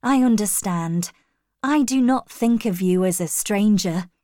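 A woman's voice: medium pitch, measured pace, dark tone, no echo, clean studio sound, lightly acted. Woman reading a serious young missionary man. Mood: earnest.

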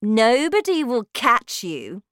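A woman voicing a cruel, bossy female witch leader who shouts her orders with scorn, in a storybook reading. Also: on the high side, wildly swooping pitch, takes it slowly, smooth, dry recording, clean studio sound, voice pushed up, heavily acted. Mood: scornful, commanding. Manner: shouting, commanding, contemptuous.

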